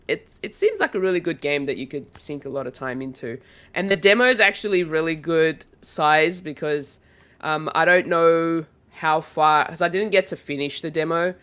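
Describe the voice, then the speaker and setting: A woman's voice: low voice, a bit bright, clear, resonant tone. A woman co-hosting a gaming podcast in casual chat, congested from a cold and rambling with many fillers. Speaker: podcast co-host.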